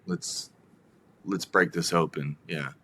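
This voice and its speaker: Man, very low voice, casual podcast guest, animated rambling. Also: slow pace, gravelly. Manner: rambling, animated, many fillers. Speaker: guest, band vocalist.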